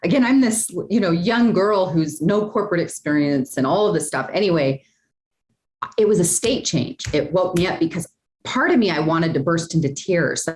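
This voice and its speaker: A woman guest in a podcast interview, telling a personal story in a lively, chatty way, often tossing in "like" and "right?". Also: fairly low pitch, normal speed, roomy sound. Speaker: guest, speaker and sales coach.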